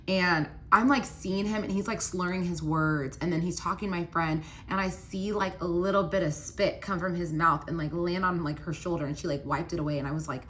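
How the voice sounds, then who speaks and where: A woman's voice: on the low side, a bit bright, a little hiss or hum. A young woman telling a personal story in a casual, chatty way, full of "like" fillers and acted-out dialogue. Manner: chatty, frequent "like" fillers, acts out quoted dialogue.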